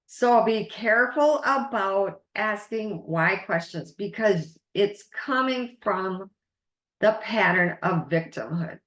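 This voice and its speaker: A woman's voice: medium pitch, animated, takes it slowly, fairly bright tone, roomy sound. A woman life coach leading a masterclass, earnest and encouraging as she guides the listener through exercises.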